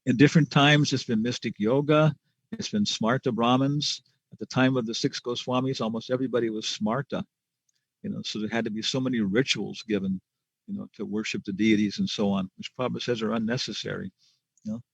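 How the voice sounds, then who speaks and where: A spiritual teacher leads a scripture class in a gravelly, creaky voice of medium pitch, speaking fairly quickly with a steady tone. His delivery is loose and chatty, full of restarted phrases and chuckles. The lo-fi recording sounds dull, dry and close, with no echo.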